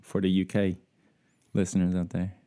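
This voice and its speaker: Joining over a video call from home in Alaska, this easygoing American co-host chats over drinks on a podcast. His low-pitched, warm voice is completely flat at a normal speed, and he jokes around, often letting thoughts fade out with "I don't know."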